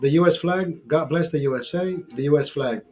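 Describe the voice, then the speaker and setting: Male streamer, slightly high husky voice, rambling casual chat that loops back on itself, salty language. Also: fairly quick, a little mellow, soft background music. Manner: rambling, repeats himself, swears freely. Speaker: livestream host.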